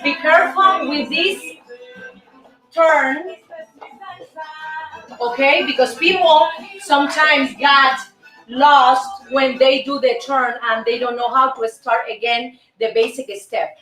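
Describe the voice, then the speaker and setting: A woman's voice: sits high, fairly even intonation, slow pace, long pauses, sharp tone. A woman hosting a live dance lesson, upbeat and instructive, counting the steps aloud. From Cuba. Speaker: host and dance teacher. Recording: echoey room with music playing.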